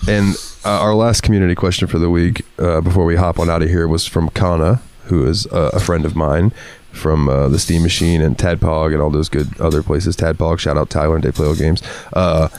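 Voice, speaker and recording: A man's voice: low-pitched, fairly even intonation, fairly quick, a little mellow. A man co-hosting a casual podcast, telling stories in a laid-back way with casual swearing. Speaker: podcast co-host. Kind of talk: casual chat.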